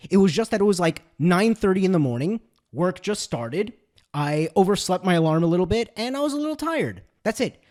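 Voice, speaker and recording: A young man with a high-pitched voice rants sarcastically in a loose, casual commentary. He keeps slipping into quick impressions of other people. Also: big pitch swings, darkish tone. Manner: sarcastic, ranting, mimics others in quotes. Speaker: commentary video host.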